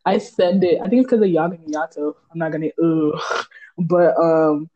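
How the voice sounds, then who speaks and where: A young woman co-hosting a podcast, chatting casually in a relaxed way. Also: sits low, moderate pace, lo-fi sound. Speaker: podcast co-host. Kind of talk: casual chat.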